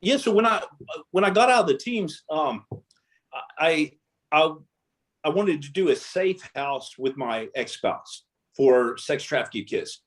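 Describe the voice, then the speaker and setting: Ex-SEAL guest, male, slightly high voice, animated, acts out quoted lines. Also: measured pace. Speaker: interview guest, former Navy SEAL. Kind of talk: casual storytelling interview.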